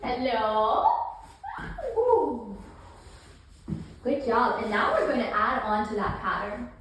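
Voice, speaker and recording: A woman's voice: fairly high pitch, normal speed, fairly bright tone, slight background noise. A woman and mother leading her child through a yoga session, playful and encouraging, imitating animal sounds as she goes. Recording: very echoey room, mic at a distance.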